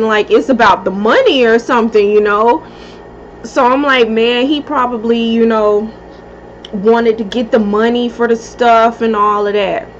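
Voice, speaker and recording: A woman telling a story casually, animated and profane, acting out what people said. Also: on the high side, muffled recording, slight background noise. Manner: animated, profane, acts out quoted speech.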